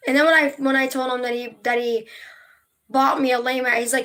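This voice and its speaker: Young woman venting on her morning livestream, kinda high voice, rambly and swears a lot. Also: fairly even intonation, brisk, a bit bright. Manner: emotional, rambling, swears freely. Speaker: vlogger. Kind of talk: casual livestream chat.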